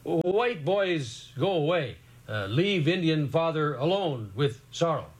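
Man doing a slow, grieving father. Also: a little high, animated. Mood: sorrowful. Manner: slow, broken, heavy phrasing. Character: grieving father, large man, sorrowful and halting.

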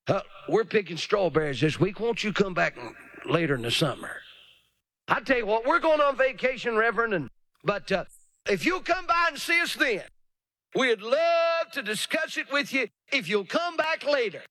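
Preacher doing a high-pitched guy making folksy excuses, dry close sound. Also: big pitch swings, moderate pace, pushed and bright, no echo, full character voice. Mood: excusing. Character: evasive churchgoer putting off salvation, man.

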